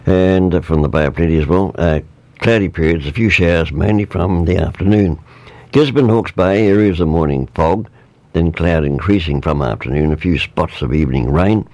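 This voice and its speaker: A man with a very low voice and a New Zealand accent reads the regional weather forecast on local radio. His delivery is relaxed and informal, with fillers slipped in among the figures, over a close, dry studio mic. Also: normal speed, no echo. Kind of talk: reading a weather report.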